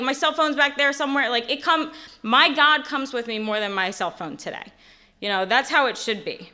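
A woman's voice: fairly high pitch, bright, forceful tone. A woman in her late twenties giving a candid, rambling personal testimony at a recovery meeting, full of fillers. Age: late 20s.

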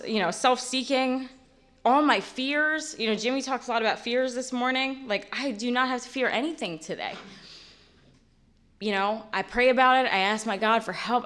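Bright-voiced woman in her late twenties. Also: on the high side, normal speed. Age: late 20s. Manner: candid, rambling, filler-heavy. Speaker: recovery meeting speaker. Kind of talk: personal testimony at a meeting.

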